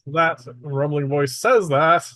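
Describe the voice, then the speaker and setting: A man running a tabletop game as game master, narrating in a relaxed, matter-of-fact way with small asides. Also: on the high side, a little slow, no echo.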